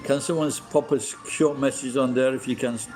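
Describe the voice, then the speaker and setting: A middle-aged man rambles through a casual livestream, his mid-pitched voice warm and relaxed. He swears constantly and airs blunt opinions, with faint music playing behind him. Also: a little fast, poor audio. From England. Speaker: livestream host.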